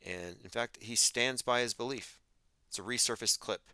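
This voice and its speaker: A man's voice: mid-range voice, normal speed, bright, forceful tone, clean tone, no room sound. A man hosting a livestream, delivering an emphatic, argumentative monologue and reading out chat comments. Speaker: podcast host.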